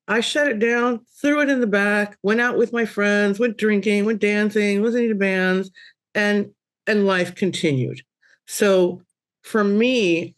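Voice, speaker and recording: A middle-aged woman on a podcast panel, telling a personal story in a casual, animated way. Her voice jumps high when she quotes exclamations. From Cuban-American family.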